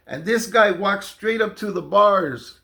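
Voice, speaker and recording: Man, raised-pitch gravelly voice, rambling conversational storyteller. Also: animated, slow, pushed and bright. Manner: loose, conversational, many fillers and restarts. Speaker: storyteller recounting jail experiences. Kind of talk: casual storytelling monologue.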